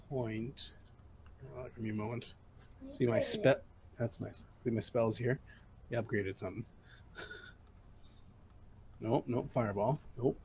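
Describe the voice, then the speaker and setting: A man's voice: medium pitch, vocal fry, a bit bright. Muttering man on a muffled mic. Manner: muttering, mumbling to himself. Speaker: player. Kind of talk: casual game chat. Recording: slightly muffled mic with faint hiss.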